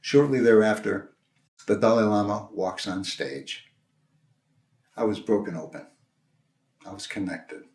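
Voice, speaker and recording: An older minister with a lowish voice shares a personal story during a sermon, speaking gently and conversationally but haltingly, restarting often. The church sanctuary gives the recording a roomy echo.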